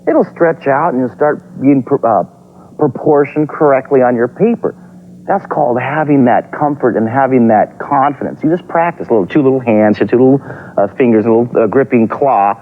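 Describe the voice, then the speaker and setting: A man's voice: medium pitch, moderate pace. A man hosting a TV drawing lesson for children, talking upbeat and encouraging as he sketches step by step. Heard from a dull, lo-fi copy of a TV broadcast. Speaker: TV drawing teacher and host.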